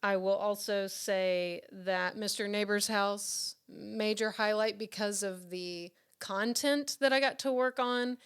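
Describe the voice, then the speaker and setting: Smooth-voiced woman telling stories. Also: mid-range voice. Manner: animated, laughs often, many fillers and restarts. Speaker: puppeteer and director, interview guest. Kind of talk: casual interview storytelling.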